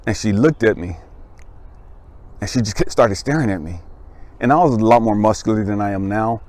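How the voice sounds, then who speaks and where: A man telling a personal story as a motivational speaker, casual and animated, laughing and checking in with the listener, his voice jumping high when he gets emphatic. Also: normal speed. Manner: voice jumps much higher and louder when he is emphatic. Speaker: motivational speaker and life coach.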